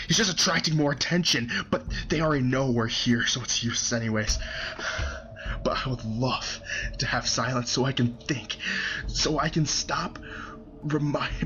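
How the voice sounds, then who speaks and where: A man's voice: mid-range voice, a bit bright, lo-fi sound, a little hiss or hum, natural voice. A man playing a panicked young soldier. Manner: stammering, panicked, breaking into whispers. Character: terrified young male soldier writing his diary. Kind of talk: creepypasta reading.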